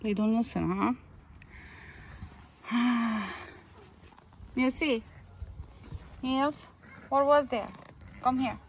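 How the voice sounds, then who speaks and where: A woman with a slightly high voice talks slowly and coaxingly to her cats in a garden. She is recorded on a phone outdoors, with faint outdoor ambience behind her. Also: slight background noise. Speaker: vlogger with pet cats. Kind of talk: casual chat to cats and camera.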